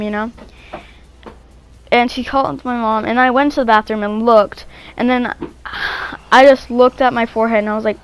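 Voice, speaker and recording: A woman's voice: a little high, fairly even intonation, moderate pace, a bit bright, slight background noise, poor audio. A young woman casually telling a personal story, rambling with many restarts, fillers and "like"s. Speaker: vlogger.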